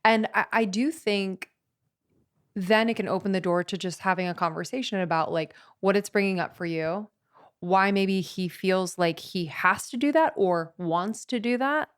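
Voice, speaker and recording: A woman's voice: mid-range voice, normal speed, clean tone. A young adult woman co-hosting a podcast, talking earnestly with lots of filler words. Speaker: podcast co-host. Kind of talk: casual chat.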